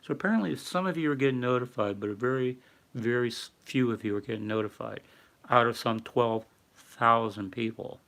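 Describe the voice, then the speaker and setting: A man's voice: mid-range voice, brisk, creaky, a bit bright. An older man hosting a casual livestream, rambling and reading viewer chat aloud with lots of fillers. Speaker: livestream host. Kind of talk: casual live-stream talk.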